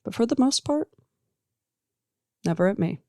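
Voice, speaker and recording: An adult podcast host who works with teenagers gives an earnest, emphatic solo monologue, laying out points in slow, measured lists. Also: medium pitch, expressive, gravelly, warm tone, no echo, clean studio sound.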